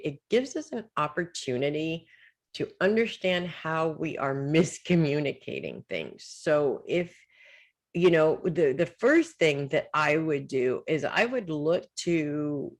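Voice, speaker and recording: A woman giving a weekly psychic reading as casual advice. She talks in a loose, reassuring way and keeps checking in with "okay?" and "right?". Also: deep voice. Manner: loose and informal, trails off with "blah, blah". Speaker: psychic reader.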